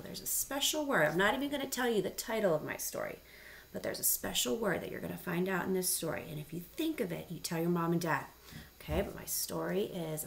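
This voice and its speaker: A woman teacher reads a picture book aloud to young children, stopping to ask them questions. Her voice swings widely in pitch and carries a gravelly edge. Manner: animated, asking children questions.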